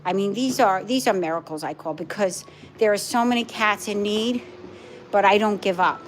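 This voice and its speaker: A middle-aged woman with a medium-pitched voice talks at a normal speed during a casual live stream from her home, rambling and cooing to her dogs. She's a vlogger and pet rescuer, and there's a little hiss or hum in the audio.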